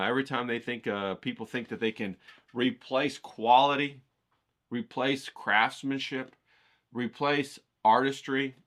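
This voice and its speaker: A man's voice: mid-range voice, fairly bright tone. A man hosting an art livestream, talking in a rambling, folksy, digressive way. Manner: digressive, folksy, says "you know what I'm saying". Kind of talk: rambling casual monologue.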